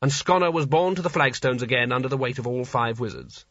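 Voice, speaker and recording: A man narrating a comic fantasy story, his bright, husky voice lively and full of pitch swings. The recording is dry and a bit dull, with no room sound. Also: fairly quick, few pauses, no echo. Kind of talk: audiobook narration.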